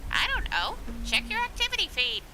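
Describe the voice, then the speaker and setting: A woman voicing a chirpy, eager little sidekick in a high put-on voice. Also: big pitch swings, a little fast, background noise.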